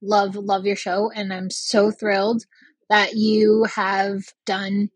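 A woman's voice: mid-range voice, little pitch movement, slow, breathy edge, no room sound. A woman leaving a voice message for a podcast, gushing and rambling as she rephrases her question.

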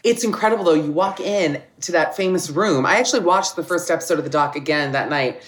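A woman in her forties, a comedian guest on a chat podcast, telling stories with animated, self-mocking flair and a slightly low voice. She breaks into laughter easily and plays up her own lines. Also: fast.

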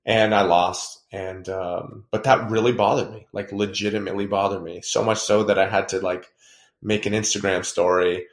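A man, a baseball player guest, telling animated, self-deprecating stories in a casual interview. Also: fairly low pitch, normal speed. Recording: echoey room.

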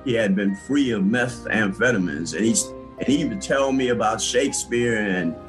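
An older man telling his life story in a relaxed interview, with many restarts and small chuckles. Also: fairly low pitch, moderate pace, soft background music, poor audio. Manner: conversational, with frequent restarts and chuckles. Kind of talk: recalling his past in an interview.

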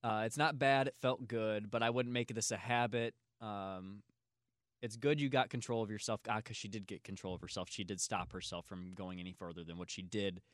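A man hosts a casual podcast, telling a long, meandering story packed with filler words. His voice is bright and forceful, with sudden loud laughs. The sound is dry and close to the mic. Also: on the low side, steady tone, a little fast, no room sound. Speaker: podcast host.

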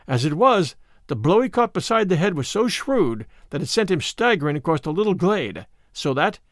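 A man reading a classic adventure tale aloud in animated, scripted storybook narration. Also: high voice, no echo, clean studio sound. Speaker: audiobook reader.

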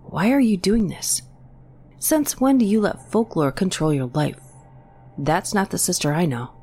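A woman's voice: lowish voice, lively intonation, a little slow, dark tone, breathy edge, soft background music, pitched above the performer's own voice. Woman doing an exasperated young brother. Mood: angry. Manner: exasperated, pleading. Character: young adult man, exasperated skeptical brother.

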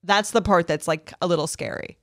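A woman's voice: on the low side, a little fast, a bit bright, no echo, clean studio sound. A woman co-hosting a casual advice podcast, easygoing and thinking aloud as she talks. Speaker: podcast co-host. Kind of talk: casual chat.

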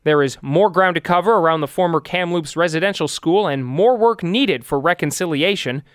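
A man's voice: on the high side, moderate pace, clean tone, no room sound, studio quality. A man announcing upcoming headlines in a punchy scripted promo read. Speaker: show announcer.

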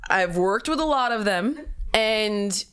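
A woman's voice: mid-range voice, slow pace, clear, resonant tone. Blunt, profane woman telling stories. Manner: blunt, profane, animated storytelling. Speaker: guest. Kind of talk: casual roundtable talk.

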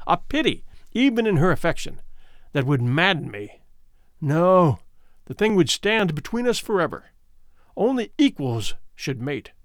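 Storybook reading: man doing an ardent, idealistic young suitor, lively swooping delivery, dry sound. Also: a little high, dry recording.

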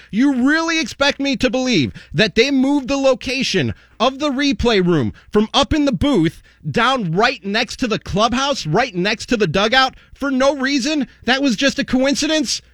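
A man's voice: high-pitched, a bit bright, no room sound. A male sports radio host in a studio, delivering a heated, indignant rant full of sarcastic repeated questions.

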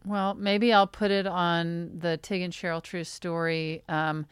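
A woman's voice: fairly low pitch, flat delivery, measured pace, very noisy. A woman co-hosting a podcast in casual chat, an emphatic, enthusiastic storyteller. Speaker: podcast co-host.

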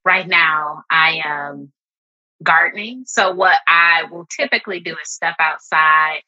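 Woman, middle-aged, podcast guest, low voice, bright pushing tone, earnest casual chat. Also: measured pace, lo-fi sound. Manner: earnest and open, many "like" fillers. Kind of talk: reflective casual conversation.

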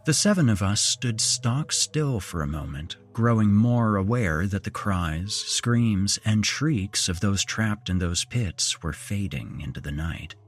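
Brief: male horror podcast narrator, husky voice, unhurried, lively pitch, dramatic. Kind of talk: scripted horror story narration.

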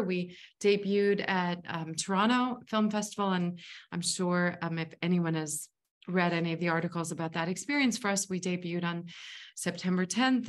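A woman, an actress and filmmaker, telling stories in a casual interview, chatty and rambling with many fillers and restarts. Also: on the low side. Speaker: actress and filmmaker, podcast guest.

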